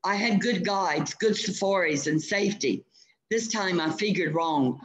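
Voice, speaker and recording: A man's voice: high-pitched, fairly bright tone, rough recording. A male teacher reading aloud, voicing a frightened big-game hunter who wants out. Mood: panicked. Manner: frightened, rushed pleading.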